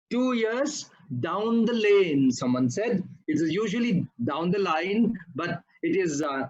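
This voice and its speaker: Husky man giving grammar feedback. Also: high-pitched, highs cut off. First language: not English. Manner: instructive, corrects usage and pronunciation word by word. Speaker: Toastmasters grammarian. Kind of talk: club meeting feedback report.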